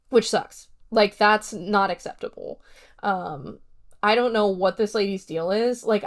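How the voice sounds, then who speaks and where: A woman hosting a casual solo podcast, chatting through a horror film review in a rambling way with lots of fillers. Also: medium pitch. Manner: retells scenes by acting out quotes.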